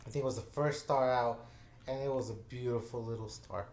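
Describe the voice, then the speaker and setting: A man's voice: mid-range voice, brisk, darkish tone, a little hiss or hum. A man tells a story in a loose, rambling way, stopping and restarting often. His voice sits in the middle range. The room around him rings with echo. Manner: rambling, with many fillers and restarts. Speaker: gaming channel host. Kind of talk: casual storytelling chat. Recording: echoey room.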